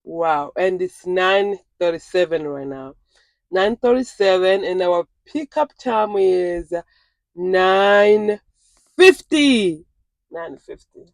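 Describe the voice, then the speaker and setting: A delivery driver vlogging through a work shift, chatting to viewers and repeating phrases with excitement. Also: mid-range voice, slow, no room sound. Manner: excitable, repeats phrases, keeps saying "you guys". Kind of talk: casual vlog talking to viewers.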